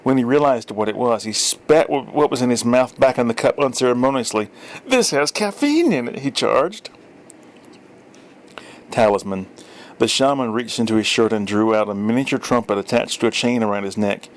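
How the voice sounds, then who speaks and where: A man's voice: mid-range voice, steady tone, moderate pace. A man reading a story aloud in a dry, wry storytelling manner with small self-corrections. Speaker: story reader. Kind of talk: audiobook narration.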